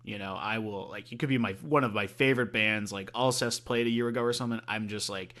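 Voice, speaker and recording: A man chatting casually as a podcast co-host. His voice is low-pitched and bright. He rambles, swears freely and fills his talk with ums and you-knows. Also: quick pace. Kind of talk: casual chat.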